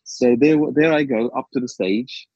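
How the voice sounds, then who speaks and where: Here a man speaks at normal speed with medium pitch, over soft background music on dull-sounding audio. He's a guest doing casual storytelling, wandering through a long anecdote with plenty of ums, restarts and animated quoted asides.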